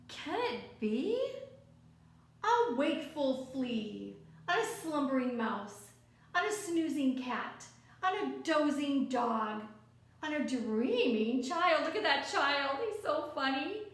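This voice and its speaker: A woman with a high voice reads a picture book aloud to young children at an unhurried pace. She coaxes gently and keeps asking her listener questions. Her voice rings around a very echoey room. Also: animated. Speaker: storyteller.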